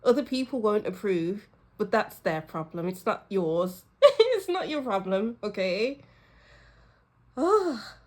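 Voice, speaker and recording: Slow-talking emotional woman tarot reader. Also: medium pitch, sing-song, darkish tone. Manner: effusive, emotional, laughs often, talks straight to viewer. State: teary at times. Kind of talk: casual pick-a-card tarot reading.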